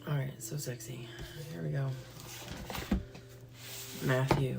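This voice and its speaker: A woman's voice: rumbling low, fairly even intonation, slow, vocal fry, pauses often, over loud music. A woman, hosting a livestream and ranting bluntly and profanely before a Bible reading. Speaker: livestream host. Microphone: phone or computer livestream.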